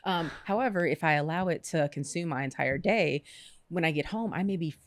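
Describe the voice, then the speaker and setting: A woman co-hosting a podcast, telling everyday stories in a lively, chatty way. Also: sits low, no echo. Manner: lively storyteller, quick asides. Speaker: podcast co-host. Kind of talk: casual conversation.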